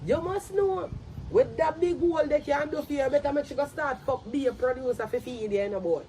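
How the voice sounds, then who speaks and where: High-pitched Jamaican woman ranting, loud scolding commentary, profane, shouts often. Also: brisk, a little hiss or hum.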